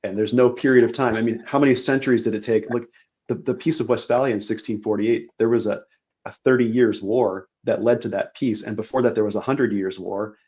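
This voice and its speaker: A man as an interview guest, explaining history and policy in a measured way, often repeating words as he goes. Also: on the low side, steady tone, darkish tone, dull audio. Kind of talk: analytical interview talk.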